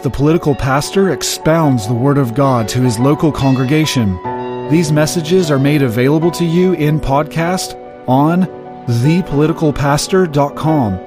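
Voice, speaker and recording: Man, announcer, scripted intro, measured, formal, music bed behind. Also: fairly high pitch. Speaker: podcast announcer. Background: instrumental music.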